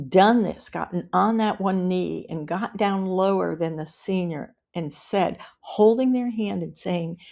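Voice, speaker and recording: Woman, middle-aged, webinar presenter; low, gravelly, calm and practical, repeats key points. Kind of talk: instructional webinar talk.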